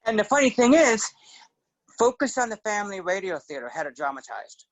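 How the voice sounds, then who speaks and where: A man's voice: high voice, a little fast, dry recording, rough recording. A middle-aged man chatting as a guest, telling stories and now and then slipping into character voices. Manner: relaxed storyteller who slips into character voices. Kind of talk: casual chat.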